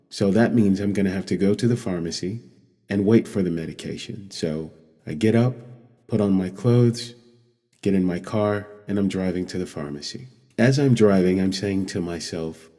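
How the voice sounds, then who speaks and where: A man telling a personal story in an earnest, measured way, with long pauses. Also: low voice, dark tone. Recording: long echoey reverb.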